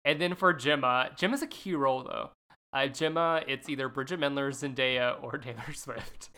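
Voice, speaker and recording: A woman co-hosting a casual podcast, giggly and animated as she leads the chat. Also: very deep voice, moderate pace, clean tone. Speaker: podcast co-host.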